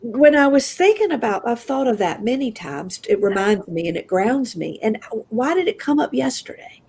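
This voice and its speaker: Southern lady telling a story in an interview, bit high voice, does all the voices. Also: normal speed, breathy edge. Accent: Southern American. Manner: animated, acts out quoted voices with big pitch jumps. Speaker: storyteller guest.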